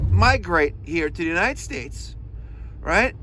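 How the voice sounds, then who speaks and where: A man's voice: mid-range voice, expressive, measured pace, pauses often, a bit bright, a little hiss or hum. A man, a heating technician from New York, ranting profanely while he drives to a service call, recorded in his car. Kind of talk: driving vlog rant. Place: in a car, driving.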